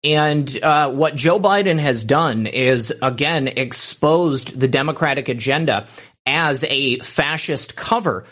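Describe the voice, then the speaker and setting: A man's voice: mid-range voice, takes it slowly, fairly bright tone. A man hosting a political talk show, delivering emphatic, opinionated commentary and often saying "okay" to drive points home. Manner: emphatic, repeats "okay" and "all right".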